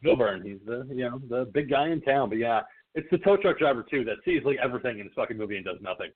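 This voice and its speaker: A man's voice: medium pitch, animated, fast, husky. A man co-hosting a podcast in casual chat, swearing freely and acting out movie characters as he recaps a film. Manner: profane, jokey, acts out movie characters. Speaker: podcast co-host. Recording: phone-like lo-fi audio.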